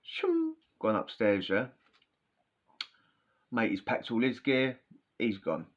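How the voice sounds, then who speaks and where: A man's voice: fairly low pitch, slow. A man telling prison stories in a chatty, slangy, rambling way. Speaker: podcast host. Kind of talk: casual storytelling. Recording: dull lo-fi sound.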